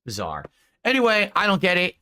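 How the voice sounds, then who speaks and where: A man's voice: high voice, wildly swooping pitch, a little fast, bright, forceful tone. A man hosting a stream, ranting in casual chat with an incredulous tone. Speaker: streamer host.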